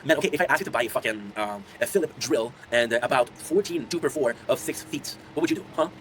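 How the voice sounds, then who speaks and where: A man's voice: medium pitch, animated, fast talker, fairly bright tone, slight background noise, poor audio. A man in his twenties, a content creator, chatting casually to his viewers and telling rambling stories, laughing often. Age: 20s. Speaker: content creator streaming to chat.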